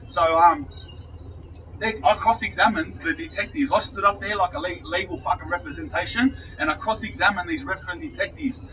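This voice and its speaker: A man's voice: high voice, a little fast, sharp tone, distant mic, slight background noise, low-quality recording. A man with an Australian accent casually telling a rambling story, swearing and laughing at himself.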